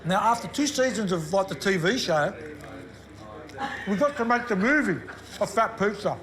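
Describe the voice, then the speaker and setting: A man's voice: sits high, lively intonation, normal speed, a crowd in the background. Boastful man introducing clips. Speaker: host presenting clips. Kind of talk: casual chat.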